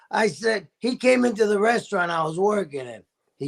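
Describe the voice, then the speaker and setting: A man talking as a guest in casual chat, telling stories with enthusiasm and dropping into gravelly impressions. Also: sits high, animated, moderate pace.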